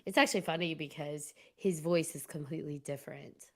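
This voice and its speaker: A woman's voice: sits low, brisk. A woman hosting a podcast in casual chat, talking in a rambling way with frequent laughs. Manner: chatty, laughs often, rambling restarts. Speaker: podcast host.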